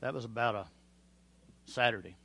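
Bright-voiced preacher, hushed then loud. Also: male voice, mid-range voice, moderate pace. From Oklahoma. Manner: swings from hushed pleading to loud storytelling. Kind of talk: sermon with altar call and personal story.

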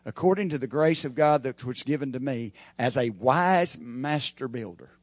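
A man preaching a sermon in a folksy way, rising to loud emphatic passages and dropping to quiet asides. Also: medium pitch, animated, moderate pace, no room sound. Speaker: pastor.

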